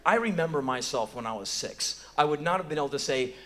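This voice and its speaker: An American man in his forties telling a profane, animated story on a theater stage, acting out other people's lines in a high voice. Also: fast. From United States. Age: 40s. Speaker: spoken word performer. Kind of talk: live spoken word storytelling. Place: theater stage before an audience.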